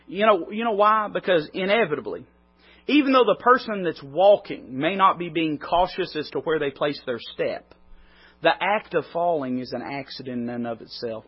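A man preaches, rising into loud, pressing peaks and falling to near-quiet asides. His voice sits high and husky. The recording is dull and lo-fi. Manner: dynamic preaching, swinging from loud climbs to quiet drops. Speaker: pastor. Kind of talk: sermon.

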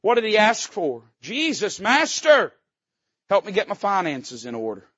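Brief: male pastor, high voice, fervent folksy sermon delivery, dry and slightly dull recording. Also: big pitch swings, brisk, dry recording. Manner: fervent, folksy, with sudden loud rises and dips. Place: church sanctuary.

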